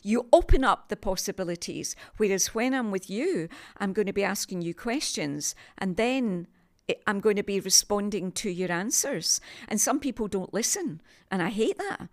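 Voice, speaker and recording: Animated older Scottish woman. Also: mid-range voice, moderate pace. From Scotland, Glasgow. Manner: animated, emphatic storyteller. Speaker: guest, TV sales presenter. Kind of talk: conversational storytelling.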